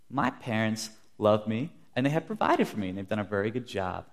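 A man's voice: on the low side, expressive, fairly quick. A young man preaching a sermon, earnest, telling stories and acting out the quotes he gives. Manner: earnest, storytelling with acted-out quotes.

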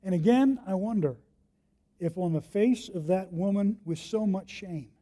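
A man preaching a sermon, telling the story vividly and swinging between hushed and loud delivery. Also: high voice, measured pace. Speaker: pastor.

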